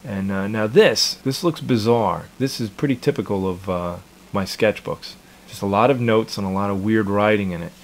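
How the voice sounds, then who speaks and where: A man's voice: on the low side, moderate pace, few pauses. A man in his thirties, a cartoon creator casually chatting in an interview, rambling and repeating his words with chuckles.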